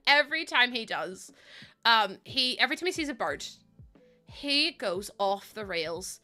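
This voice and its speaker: Woman, streamer, bright voice, a little high, rambling chatty storytelling, desk mic at home, faint music behind. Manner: chatty, rambling storyteller with frequent fillers and laughs. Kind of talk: casual live-stream chat while playing a game. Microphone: desk microphone.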